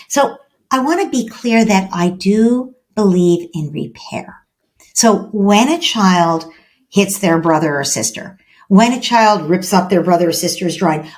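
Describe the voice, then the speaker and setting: A woman giving parenting advice as an expert guest on a podcast. She explains at length, often ends points with "right?", and acts out gentle dialogues between parent and child. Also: medium pitch.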